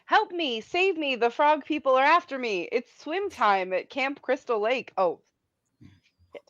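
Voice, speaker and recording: A woman's voice: high-pitched, lively intonation, a little slow, a bit bright, no room sound, dull audio. A woman reading a playful young female camper in a casual table read, pleading in mock panic. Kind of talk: amateur script table read.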